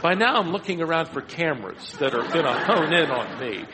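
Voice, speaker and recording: A man's voice: a little high, expressive, fairly quick, a crowd in the background, noisy background. Storytelling man in a reverberant hall. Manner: rambling anecdotal storytelling with self-deprecating humor. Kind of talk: storytelling sermon.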